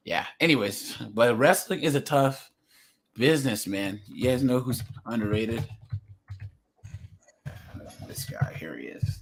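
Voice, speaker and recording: A man's voice: medium pitch, fairly bright tone. A man in a casual livestream chat, talking in an emphatic, rambling way and often checking in with "right?".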